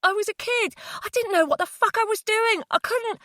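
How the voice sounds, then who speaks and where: A woman voicing an obsessive young man who pleads through tears, his voice breaking and soft. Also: fairly high pitch, normal speed, no echo, clean studio sound, close to an everyday voice. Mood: tearful.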